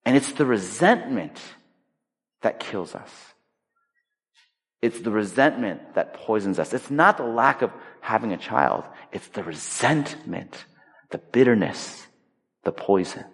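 A man's voice: lowish voice, lively intonation, unhurried. Man preaching in a reverberant hall. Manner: conversational, emphatic preaching, swinging between loud stresses and hushed points. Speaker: pastor. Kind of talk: sermon. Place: large hall. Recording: long reverb of a large hall.

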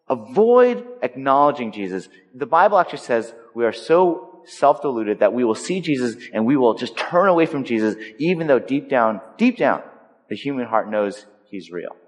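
Animated male preacher in a reverberant hall. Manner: animated preaching with dramatic swings in pitch and pace. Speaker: pastor. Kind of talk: sermon. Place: church sanctuary. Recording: long reverb of a large hall.

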